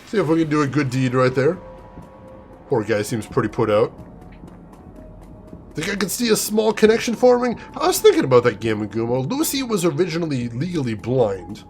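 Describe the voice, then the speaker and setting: A man hosting a casual let's-play of a video game, an excitable, animated storyteller. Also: mid-range voice. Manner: animated, excitable storyteller, laughs and yelps easily. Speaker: gaming channel host.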